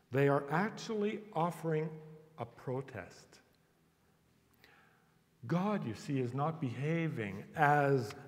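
A man's voice: on the high side, a little mellow. A man, a university instructor, giving a public lecture with playful, chuckling asides to a live audience. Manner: unhurried, playful, chuckling between points. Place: auditorium before a live audience. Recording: echoey hall with long reverb.

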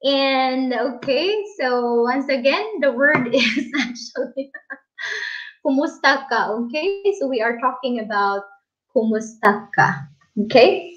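She takes it slowly, her high-pitched voice expressive and fairly bright, while hosting a casual livestream. Chatting and laughing, the woman reads viewer comments aloud, and the stream audio sounds dull and lo-fi.

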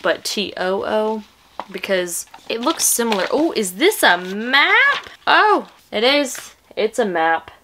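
A woman's voice: mid-range voice, very animated, takes it slowly, noisy background. A woman putting on a hammy Southern drawl. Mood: playful. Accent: put-on Southern US.

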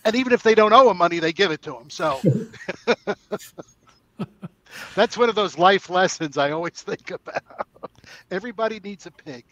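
A man's voice: high-pitched, animated, moderate pace, long pauses, a bit bright, low-quality recording. A man on a webinar panel, a former controller, telling jokey anecdotes from his career.

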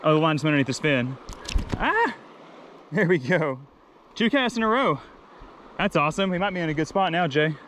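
A man vlogging while wading a mountain creek, casually explaining the water and getting excited over catches. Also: a little high, brisk, slight background noise. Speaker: fishing vlogger. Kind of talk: casual outdoor fishing commentary.

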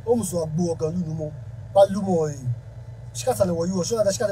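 A man's voice: high voice, fast talker, dark tone, slight background noise, poor audio. Heated man ranting in Ghanaian Pidgin. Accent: Ghanaian Pidgin English. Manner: heated, confrontational, Pidgin-laced, repetitive. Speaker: musician. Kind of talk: angry rant to camera.

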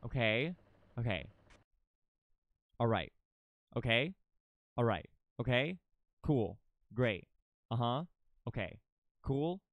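Excitable young male streamer, dry mic. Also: slow, gravelly, long pauses, no room sound, phone-quality sound. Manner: dramatic, repetitive, swings from loud panic to low mutters. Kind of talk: live game commentary.

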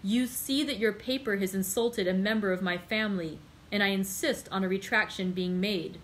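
A woman's voice: mid-range voice, moderate pace, a little hiss or hum, natural voice. A woman reading the part of a proud young male viscount who speaks coldly and formally in a storybook reading. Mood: indignant. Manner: cold, formal, insistent.

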